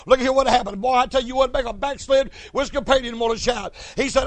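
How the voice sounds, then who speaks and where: Man, very high voice, fiery preacher, repetitive call-and-response, dry recording. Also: fast talker, few pauses, no room sound. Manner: rhythmic, repeats "Is that right?", bursts into shouts. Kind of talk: fiery sermon.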